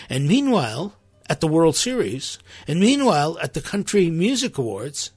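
Male preacher, impassioned sermon, gravelly, husky, close dry sound. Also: a little high, very animated, a little slow, no echo, faint music behind. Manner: impassioned, rising to sharp emphasis.

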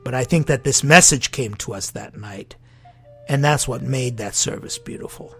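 A man preaching a sermon as pastor, impassioned and full of rhetorical questions, swinging between loud appeals and hushed lines. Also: mid-range voice, huge pitch swings, moderate pace, husky, faint music behind.

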